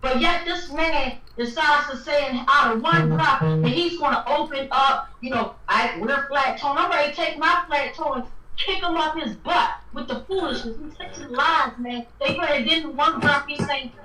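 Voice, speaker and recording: A high, bright-voiced woman vents with fiery emphasis as she hosts a livestream. She sits back from the mic, and her voice rings in an echoey room. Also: moderate pace, distant mic, a little hiss or hum. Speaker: livestream host. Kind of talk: impassioned livestream talk.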